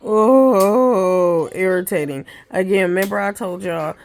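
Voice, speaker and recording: A woman rambling through a story about her toddler, exasperated and animated, breaking off to scold kids nearby. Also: mid-range voice, slow pace. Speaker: mother vlogging.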